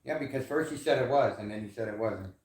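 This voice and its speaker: A man's voice: medium pitch, fast talker, a little mellow. A man who is the host's partner, teasing her in casual banter with dry nitpicking. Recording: roomy echo.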